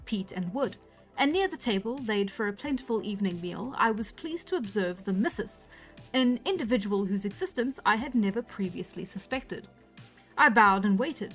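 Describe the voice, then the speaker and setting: A young woman reading a novel aloud on a livestream, stopping now and then to comment on the text and laugh at herself. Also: medium pitch. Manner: reads plainly, breaks off to comment and laugh at herself. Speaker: book reader on a livestream. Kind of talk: casual storytime read-aloud.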